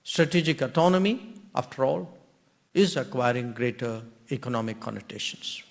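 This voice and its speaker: A man with an Indian accent delivering a formal memorial lecture, speaking in measured, deliberate phrases broken into short clauses. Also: mid-range voice, animated, creaky.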